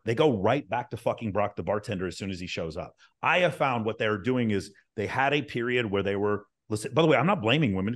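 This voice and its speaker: Blunt, profane man debating dating advice. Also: lowish voice. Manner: blunt, profane, animated when making a point. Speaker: dating coach. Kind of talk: heated panel discussion.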